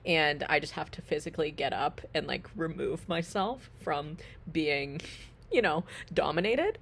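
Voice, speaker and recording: A young woman vlogging outdoors on a farm, talking to the camera and cooing in high baby talk to her pigs. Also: creaky, husky. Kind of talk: casual vlog talk to pets and camera. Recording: outdoor noise and animal sounds behind.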